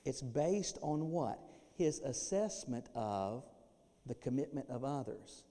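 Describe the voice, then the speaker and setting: A pastor delivering a sermon, animated, breaking into playful acted asides. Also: male voice, medium pitch, slow. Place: church sanctuary. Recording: long reverb of a church hall.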